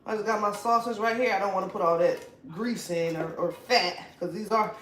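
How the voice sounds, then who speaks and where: A young woman chatting casually while cooking at home, profane and laughing often, her voice swinging between loud and soft. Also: medium pitch, fairly even intonation, brisk. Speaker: vlogger. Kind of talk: casual cooking vlog chat. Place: home kitchen. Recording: echoey room, faint noise.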